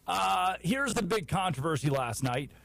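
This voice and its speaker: A man from the United States hosting a sports radio show, talking football in a wry, opinionated way with quick asides. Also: sits high, animated, gravelly, a bit bright, poor audio. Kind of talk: casual sports talk.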